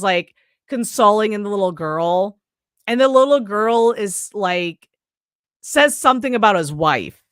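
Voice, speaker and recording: A woman's voice: mid-range voice, fairly bright tone, clear, resonant tone, dry recording, studio quality. Rambling, foul-mouthed woman reviewing a movie. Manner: rambling, swears freely, acts out scenes in quoted voices. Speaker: podcast co-host. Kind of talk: casual movie review chat.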